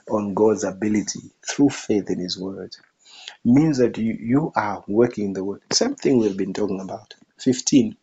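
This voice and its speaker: A man's voice: lowish voice, gravelly, dark tone, dull audio, slight background noise. A man preaching a sermon, emphatic, repeating his phrases for effect.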